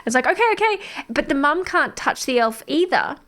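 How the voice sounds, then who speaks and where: A woman's voice: sits high, normal speed. A woman, a podcast co-host in her thirties, telling stories in casual chat, laughing often and acting out quotes. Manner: animated storytelling, acts out quotes, laughs often, swears.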